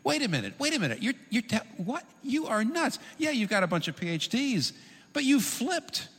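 A scoffing ancient governor, as a preacher puts him on, squawking high and wild as he mocks in disbelief. His voice leaps all over, ringing with a long hall reverb. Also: sing-song, normal speed, fairly bright tone, slightly rough, exaggerated voice. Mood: incredulous. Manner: mocking, exasperated.

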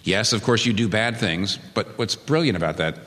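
A man preaching a sermon as pastor, his voice leaping up for emphasis and dropping low to make a point. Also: expressive, normal speed, fairly bright tone, big-room sound.

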